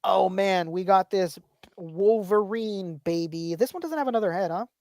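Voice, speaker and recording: Woman host rambling thru a chill toy chat, mid pitch, dry close sound, keeps repeating herself. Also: normal speed, darkish tone, no room sound. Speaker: podcast host reading viewer chats. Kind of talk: casual toy-collector chat.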